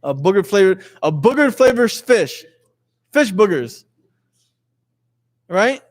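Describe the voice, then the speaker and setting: A man's voice: high-pitched, sing-song, slow. A man teaching a lesson to a class, quizzing his students in a jokey way and reading passages aloud. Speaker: religious teacher.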